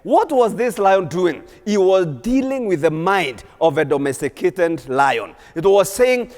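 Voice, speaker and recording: Brief: pastor mid-sermon, high voice, very lively delivery, long church reverb. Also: male voice, measured pace, faint music behind. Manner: animated, repetitive exhortation. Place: church hall.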